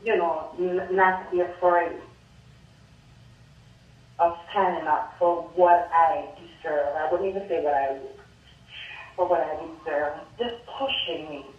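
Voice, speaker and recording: A woman's voice: on the low side, fairly even intonation, measured pace, long pauses. A woman calling in to a radio talk show, earnestly thanking the host for her support. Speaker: caller. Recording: dull, echoey and distant.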